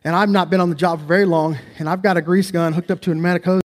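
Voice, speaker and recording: A man's voice: high-pitched, fairly even intonation, very fast. A man preaching a sermon as pastor, emphatic and conversational, with frequent rhetorical questions to the congregation.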